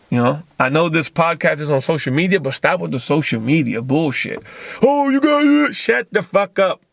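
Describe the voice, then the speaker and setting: A man hosting a podcast, giving a blunt, profane motivational monologue and acting out quick bits of dialogue. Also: mid-range voice, gravelly, dry recording. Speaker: podcast host.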